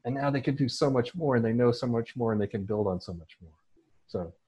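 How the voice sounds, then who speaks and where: A man from the United States, a teacher and soccer coach, answering at length in an interview in an animated way, restarting often and acting out his own thoughts. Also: mid-range voice, fairly quick, breathy edge.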